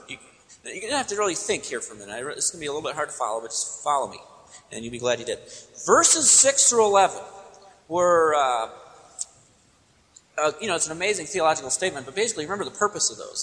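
A man's voice: fairly high pitch, pushed and bright. A man preaching an expository sermon, emphatic and teacherly, asking questions and answering them himself. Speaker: pastor. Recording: long hall reverb.

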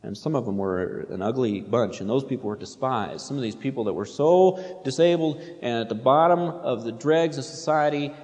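A man's voice: mid-range voice, normal speed, few pauses, darkish tone. A man preaching a sermon, reading quotations aloud with rising intensity and otherwise explaining in a plain, conversational way. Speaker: pastor. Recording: long hall reverb.

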